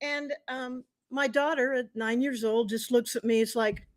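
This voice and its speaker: A middle-aged woman hosts a live stream from home, talking into her webcam. She tells her story in a chatty, animated way, with a voice pitched a little high. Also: normal speed. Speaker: host.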